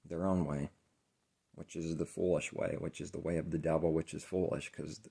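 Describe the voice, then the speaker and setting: A man preaching an informal sermon, rambling and earnest, often trailing off quietly. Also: a bass voice, flat delivery, moderate pace, gravelly, husky.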